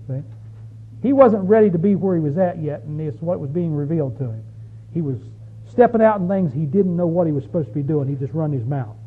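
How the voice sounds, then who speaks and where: Male preacher, high voice, folksy sermon with slow, emphatic scripture reading, tinny phone-like sound. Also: slightly rough. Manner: folksy, asks the audience questions; reads scripture slowly and emphatically.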